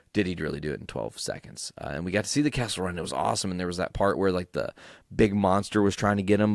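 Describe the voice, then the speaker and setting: Low-voiced excitable podcast host, man. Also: dry recording, studio quality. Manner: excited, rambling, swears freely. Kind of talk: casual solo recap.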